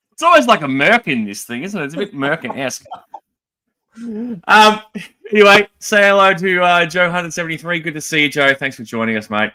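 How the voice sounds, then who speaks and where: A man's voice: fairly high pitch, normal speed, long pauses. An Australian man co-hosting a casual toy livestream, joking around and greeting people in the chat one after another. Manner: lively, jokey, rattling off greetings.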